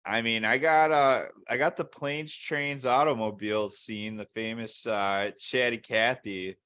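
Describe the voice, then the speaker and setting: A man's voice: mid-range voice, fairly even intonation, a little slow, bright, forceful tone, clean tone. A man co-hosting a casual podcast, rambling and swearing as he retells TV scenes. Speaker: podcast co-host. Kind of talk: casual chat.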